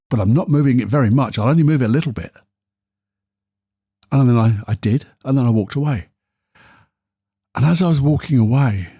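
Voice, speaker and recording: A man's voice: medium pitch, mellow, husky, no echo, clean studio sound. A man hosting a solo podcast, telling candid, self-deprecating stories. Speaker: podcast host.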